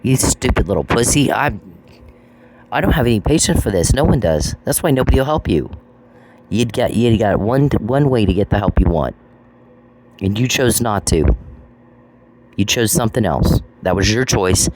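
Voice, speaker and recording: A man's voice: on the low side, lively intonation, moderate pace, long pauses. A man hosting a podcast, ranting in a scornful, taunting way, repeating phrases and swearing. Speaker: podcast host. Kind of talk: angry podcast rant. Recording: noisy with clicks.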